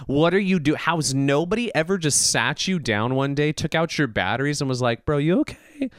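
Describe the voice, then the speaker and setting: A man hosting a podcast, ranting casually and excitedly, laughing and swearing as he goes. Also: on the high side, fairly quick, smooth, dry recording, clean studio sound. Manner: animated, laughing, swearing, mock voices. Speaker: podcast host. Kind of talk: casual anime podcast rant.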